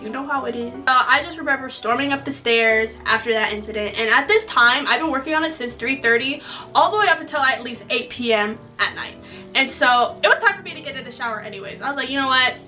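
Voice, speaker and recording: A woman's voice: high-pitched, expressive, fast, pushed and bright, distant mic, faint music behind, low-quality recording. A young woman vlogger telling a story from her childhood in a chatty, joking way, often tagging lines with "okay?". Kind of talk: casual storytelling to viewers.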